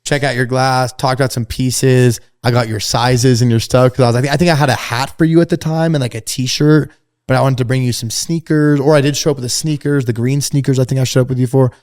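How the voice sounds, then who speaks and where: A man's voice: medium pitch, fast. A man guest on a podcast, telling a story in casual, slangy talk and acting out the people he quotes in a raised voice. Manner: animated, acts out quoted dialogue in a raised voice; laid-back slangy talk. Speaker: podcast guest, fashion brand founder. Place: host's glass studio.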